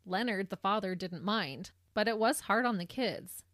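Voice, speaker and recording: A woman co-hosts a true crime podcast and reads through the case in a steady, measured way, stopping to chat with her co-host. Her voice sits at a middle pitch. It is recorded close and dry, with no room around it. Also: dry recording. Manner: reads the case in measured narration, with laughs between.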